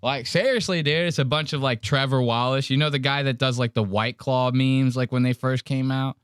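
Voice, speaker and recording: Dude on a podcast riffing crude stories, doing mocking voices, dry close sound. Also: male voice, medium pitch, normal speed, smooth, no room sound. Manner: crude, animated storytelling with mocking impressions. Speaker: podcast host. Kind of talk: casual podcast banter.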